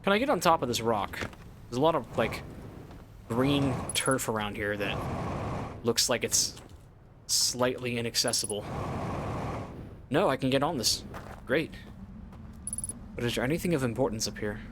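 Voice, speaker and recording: A man's voice: mid-range voice, lively intonation, moderate pace, long pauses, background noise. A man giving casual gameplay commentary as he plays, thinking aloud and rambling with lots of filler words. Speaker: let's play gamer.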